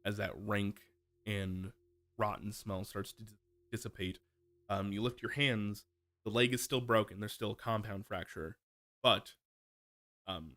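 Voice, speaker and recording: A man narrating a tabletop game as game master, describing scenes in an unhurried, vivid way. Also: lowish voice, steady tone, fairly bright tone.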